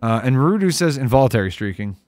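A tech livestream co-host with an Ohio accent rambles and jokes animatedly, his voice jumping up whenever he gets worked up. He speaks fast in a mid-range voice, with no echo.

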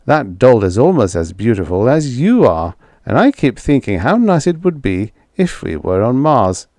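A man's voice: medium pitch, big pitch swings, moderate pace, mellow, no room sound, studio quality, voice pushed up, lightly acted. A man doing a wisecracking TV producer. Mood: breezy. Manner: airy, wisecracking. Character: glib young male TV producer, airy and wisecracking.

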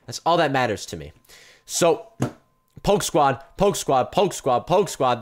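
Excitable young male gaming streamer. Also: medium pitch. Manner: excitable, swings between hushed mumbling and loud yelps; repeats phrases in rapid strings. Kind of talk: live-stream case unboxing commentary.

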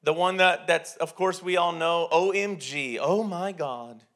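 A man's voice: on the high side, unhurried, fairly bright tone. A man preaching a sermon in a church, talking conversationally with many restarts and repeated words. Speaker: pastor.

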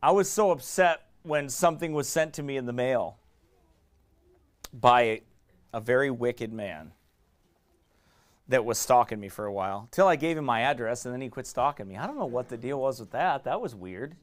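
A middle-aged pastor, preaching a sermon in fiery, emphatic bursts that swing from quiet asides to raised shouts. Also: male voice, medium pitch, expressive, normal speed.

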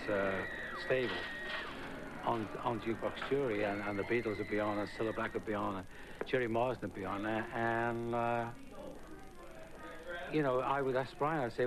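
An older man recalling his singing days in an interview, talking haltingly with many pauses. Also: on the low side, steady tone, a crowd in the background, rough recording. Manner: halting, many fillers and restarts. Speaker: interviewee, former singer. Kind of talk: reminiscing interview. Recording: music playing underneath.

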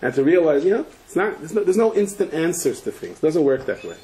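Animated rabbi telling stories. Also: male voice, on the high side, quick pace, rough recording. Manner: animated storyteller, rises to shouts at punchlines; sprinkles Yiddish and Hebrew terms, frequent restarts. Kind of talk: Torah lecture with stories.

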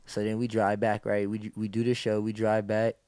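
A man's voice: on the low side, moderate pace, smooth, no echo, clean studio sound. A man, a podcast guest, telling a story in casual, profane speech and acting out what people said. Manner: animated, profane, acts out quoted lines.

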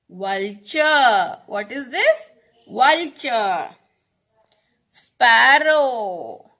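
A woman teaching preschool children, saying each word slowly and repeating it for them to echo. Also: sits high, sharp tone. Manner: slow, sing-song, repeating words for children to echo. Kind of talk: recorded lesson for young children.

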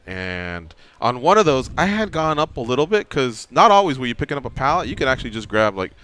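A man's voice: medium pitch, clean tone. A middle-aged man hosting a radio show, telling a story casually and acting out the quotes. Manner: animated storyteller, acts out quotes.

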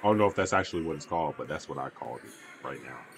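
A man's voice: very deep voice, lively intonation, very fast, fairly bright tone, slight background noise. A young man giving casual, slangy reaction commentary on a basketball video, with mumbled asides. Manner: laid-back slangy banter, mumbles asides.

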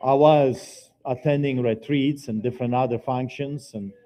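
Man, middle-aged, preacher, church testimony, earnest, mellow tone. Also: mid-range voice, steady tone, normal speed. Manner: earnest, swings between quiet and loud. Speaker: guest preacher giving testimony. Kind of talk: personal testimony sermon. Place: church sanctuary, live service.

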